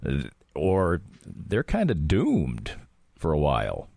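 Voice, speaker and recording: A man's voice: very deep voice, huge pitch swings, slow, creaky, warm tone, no echo, clean studio sound. A man who is a regular guest on a sports show, chatting in a laid-back way and laughing easily. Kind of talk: casual sports talk.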